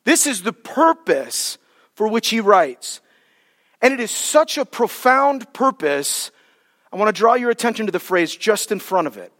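A man preaching a sermon as pastor, emphatic, drawing key words out slowly for weight. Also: high-pitched, sing-song, fairly bright tone. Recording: long reverb of a large hall.

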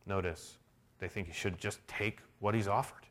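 A middle-aged male pastor preaching a sermon, shifting from hushed storytelling to loud, emphatic declarations. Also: on the low side, fairly even intonation, moderate pace.

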